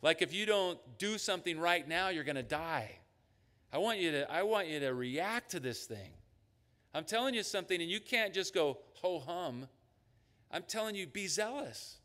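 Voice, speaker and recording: A man preaching a sermon as a pastor. He talks in an animated way and acts out the voices of God and his listeners. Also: fairly high pitch, in a large hall. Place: church sanctuary.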